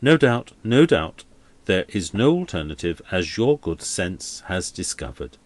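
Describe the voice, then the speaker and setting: A man voicing a smooth, hedging older male church dean who talks in a confidential tone. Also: low-pitched, sing-song, unhurried, full character voice.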